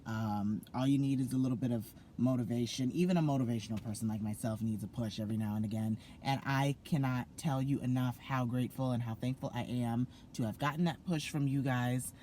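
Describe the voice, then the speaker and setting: A man's voice: mid-range voice, fairly even intonation, fairly quick, few pauses, mellow, a little hiss or hum. A young man vlogging to his viewers, gushing and effusive, full of fillers and restarts. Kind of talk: excited casual vlog to camera.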